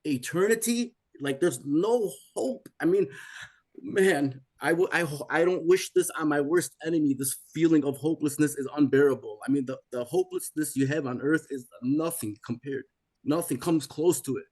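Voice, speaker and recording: A man's voice: a little high, normal speed, darkish tone. A man in his forties telling a personal testimony in an intense, repetitive way, his voice rising when he pleads. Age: 40s.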